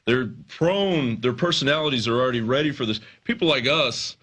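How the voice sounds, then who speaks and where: A man speaks at a medium pitch with a bright, forward tone. He is a guest on a studio talk show and explains his point calmly. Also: fairly quick, breathy edge. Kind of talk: studio chat.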